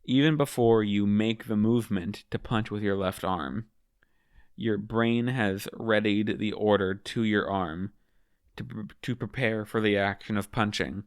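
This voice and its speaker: A man with a slightly low, smooth, resonant voice rambles through offhand manga commentary, cursing freely. He sounds high and loose, drifting from one thought to the next. The sound is dry and close. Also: no room sound. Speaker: manga chapter reviewer.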